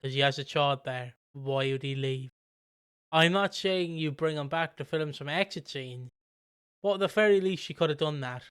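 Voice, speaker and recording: A man co-hosting a casual podcast, rambling through his points with lots of restarts and swearing. His voice sits a bit high and sounds smooth and clear. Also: normal speed, dry recording, clean studio sound. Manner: rambling, animated, swears freely. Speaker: podcast co-host.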